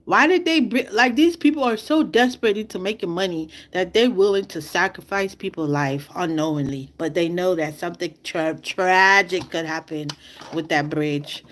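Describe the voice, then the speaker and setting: A woman's voice: on the low side, moderate pace, fairly bright tone. Tearful woman venting on a livestream. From outside the United States. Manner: impassioned, repetitive, rhetorical questions. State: fighting back tears. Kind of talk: emotional livestream monologue.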